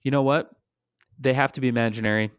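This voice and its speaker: A man's voice: medium pitch, steady tone, fast, clean tone, dry recording. A man co-hosting a casual comic book podcast, talking thoughtfully and hesitantly with many fillers. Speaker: podcast co-host. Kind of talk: casual chat.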